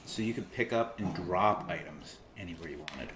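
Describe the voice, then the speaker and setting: A man's voice: deep voice, animated, normal speed, fairly bright tone, roomy sound, a little hiss or hum. A man casually commentating while he plays a video game, chatty, laughing often and explaining game mechanics. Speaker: player commentating on his gameplay.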